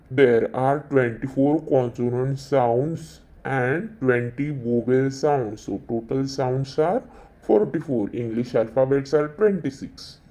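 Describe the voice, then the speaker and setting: A man giving a slow exam-revision lesson, repeating each definition several times. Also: medium pitch, warm tone. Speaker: teacher.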